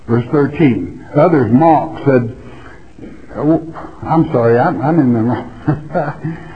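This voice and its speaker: A male pastor giving a folksy sermon, reading scripture aloud and rising in emphasis as he explains it. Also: mid-range voice. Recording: dull lo-fi recording.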